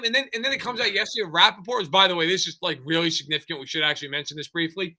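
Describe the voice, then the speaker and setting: A man co-hosting a sports podcast, talking casually and ranting excitedly with frequent restarts. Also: high-pitched, racing, hardly any pauses. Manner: excitable, animated rants with lots of restarts. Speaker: podcast co-host.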